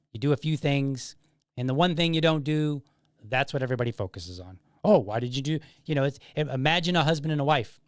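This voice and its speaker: A man hosting a podcast, giving a measured, reflective solo commentary. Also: a little high, dry recording, clean studio sound. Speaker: podcast host.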